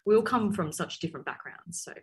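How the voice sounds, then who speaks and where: A woman's voice: on the low side, animated, quick pace, husky. A young Australian woman, a student guest, talking in a rambling, self-conscious way. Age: young adult. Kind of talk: casual interview chat.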